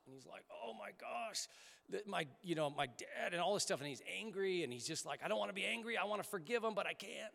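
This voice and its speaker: A pastor delivering a conversational sermon, emphatic at times and dropping to soft prayerful tones. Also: male voice, fairly high pitch, big-room sound. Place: church sanctuary.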